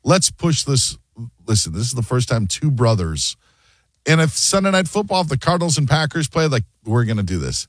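A man's voice: mid-range voice, big pitch swings, moderate pace, husky, no echo. A man hosting a sports radio show, chatting casually and joking, often mimicking other people mid-story.

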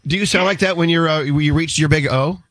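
A man's voice: on the high side, fast, noisy background. A man hosting a morning radio show, chatting playfully with a caller and laughing often. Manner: playful, laughs often, reads texts aloud. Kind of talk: casual radio banter.

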